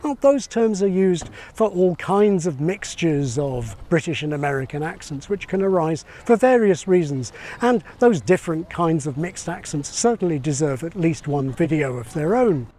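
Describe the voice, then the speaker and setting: A man giving scripted educational narration, measured and explanatory with a light ironic edge. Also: on the high side, expressive, mellow. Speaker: video essayist on accents.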